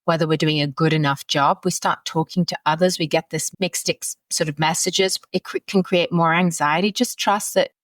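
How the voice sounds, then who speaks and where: Podcast guest: a woman psychologist, lower pitch, candid storyteller, dry studio sound. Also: steady tone, normal speed, few pauses, no room sound. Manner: candid, anecdotal, laughs often. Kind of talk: conversational podcast interview.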